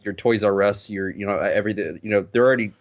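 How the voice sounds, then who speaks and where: Low-voiced hesitant male guest, muffled. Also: fast. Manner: hesitant, repeats words. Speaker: podcast guest. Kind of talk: casual podcast chat. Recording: muffled lo-fi sound.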